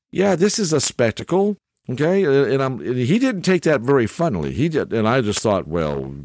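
A middle-aged man tells a rambling, folksy anecdote in a casual monologue, his pitch rising and falling with lively swings. He keeps checking in with "okay?" as he goes. The sound is close and dry, with no room echo. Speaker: storyteller.

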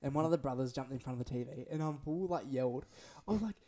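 Young aussie guy rambling thru sweary stories, kinda dark mellow voice. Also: medium pitch, fairly even intonation, rapid-fire. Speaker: podcast co-host. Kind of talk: casual chat.

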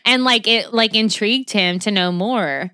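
A woman with a bright, forceful voice tells a true crime story in a loose, chatty way. She swears freely, laughs often and wanders off on tangents. The sound is dry and close to the mic. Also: mid-range voice, moderate pace, dry recording. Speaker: podcast co-host telling a true crime story. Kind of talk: casual true crime chat.

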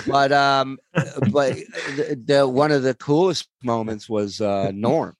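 A comedian man telling animated, rambling stories with many fillers, in a casual chat. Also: mid-range voice, slow, no echo. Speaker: comedian guest. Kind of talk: casual storytelling.

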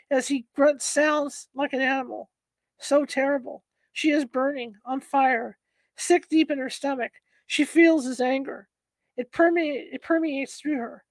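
A woman narrating a story aloud in a measured, steady way. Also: high voice, dry recording, low-quality recording.

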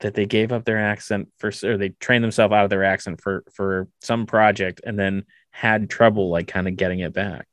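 A man interviewing a guest in a relaxed, casual chat and laughing along easily. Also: on the low side, normal speed, few pauses, no echo.

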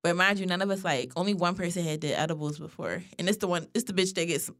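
Profane, animated woman telling a story. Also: lowish voice, quick pace. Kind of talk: casual storytelling chat.

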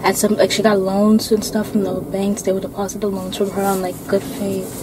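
A woman's voice: mid-range voice, little pitch movement, fairly quick, noisy background. A young woman co-hosting a casual podcast chat, chatty and giggly, with plenty of likes and ums. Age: young adult. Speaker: podcast co-host.

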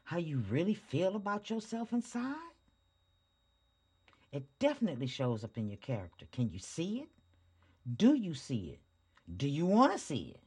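A woman's voice: sits low, huge pitch swings, normal speed, long pauses, mellow, husky. A woman hosting a spiritual podcast, talking casually and preachily into a microphone, asking rhetorical questions and chuckling often. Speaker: podcast host. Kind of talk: spiritual motivational talk. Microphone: studio microphone.

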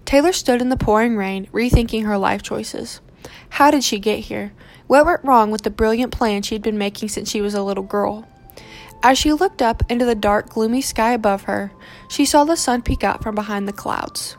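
Woman narrating with gravelly voice. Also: on the high side, faint music behind. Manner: steady, measured narration. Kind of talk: audiobook reading of a romance novel.

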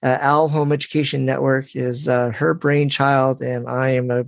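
A man's voice: medium pitch, flat delivery, normal speed, vocal fry, no room sound. A man talking as a podcast guest, polite and gracious, laughing easily. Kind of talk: casual interview talk.

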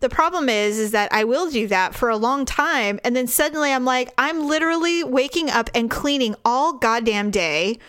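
A middle-aged woman hosts a podcast in casual conversation, telling a story and acting out what everyone said. She swears freely and laughs along. Her voice is smooth and resonant and sits somewhat high. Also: moderate pace, few pauses. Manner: animated, acts out quoted voices, swears and laughs. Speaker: podcast host.

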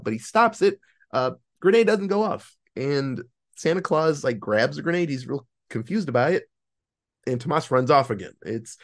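A man with a slightly high voice walks through a movie scene by scene for his podcast co-hosts. His delivery is lively and swings all over his range, with casual swearing, and he keeps stopping to read lines from his notes. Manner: animated, swears freely, reads from his notes. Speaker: podcast co-host recapping a movie. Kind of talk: casual movie recap chat.

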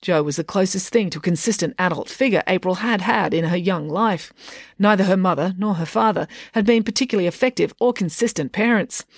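A woman narrating a storybook with a lively, expressive reading. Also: fairly low pitch, brisk, no room sound, clean studio sound. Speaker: audiobook narrator.

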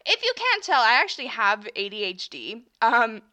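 A woman's voice: a little high, very animated, moderate pace, sharp tone. A young woman hosting a casual solo podcast, talking in a chatty, scattered way that jumps between thoughts. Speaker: podcast host. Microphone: home podcast mic. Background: toy piano music.

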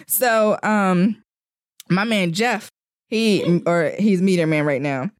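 A podcast co-host recaps a movie in a loose, casual way, jumping into the characters' lines and breaking into laughter again and again. The voice sits at a middle pitch and sounds dry and close to the mic, with no room around it. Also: measured pace, dry recording. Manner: animated retelling, acting out lines, laughing often.

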